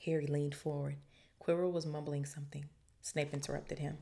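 Low-voiced woman reading a book aloud. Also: a little fast, creaky. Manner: animated, joking asides in casual slang. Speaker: podcast host reading aloud. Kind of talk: book reading with casual commentary.

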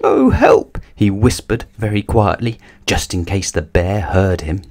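A man's voice: deep voice, unhurried, a little mellow. A man reading a children's picture book aloud as a bedtime story, telling it expressively.

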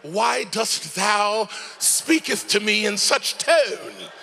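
A man's voice: high-pitched, sing-song, gravelly, bright, forceful tone, slight background noise, heavily acted. Pompous mock-British holy man, as a preacher puts him on. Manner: pompous, slow and theatrical. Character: pompous grand male holy figure with mock-British airs.

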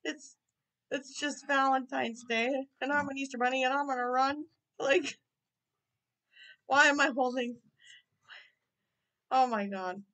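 A woman voicing a grumpy, quick-tempered bald male math teacher in his forties, indignant and threatening. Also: high voice, bright, forceful tone, poor audio. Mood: exasperated.

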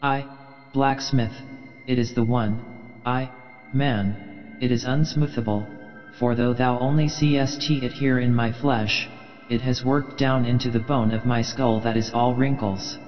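An obsessed, commanding old sea captain speaks with imperious intensity, as a male audiobook reader puts him on. The delivery is slow and weighty. A long reverb and a dull, muffled sound hang over it, with faint music underneath. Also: medium pitch, steady tone, lightly acted. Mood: passionate. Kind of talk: audiobook reading.

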